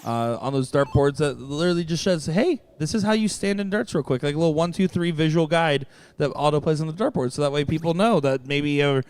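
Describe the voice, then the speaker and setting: A man's voice: fairly high pitch, lively intonation, a little fast, hardly any pauses, darkish tone, smooth, no echo. A man hosting a darts stream, upbeat and joking, talking loosely with frequent fillers. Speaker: stream host and commentator. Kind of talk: live sports commentary.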